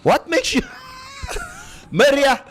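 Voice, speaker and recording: A man's voice: extremely high pitch, wildly swooping pitch, drawn-out words, fairly bright tone, raised voice, slight background noise. A man in his fifties co-hosting a radio show from a studio, reading out listener comments between bursts of laughter and mixing English with Afrikaans. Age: over 50.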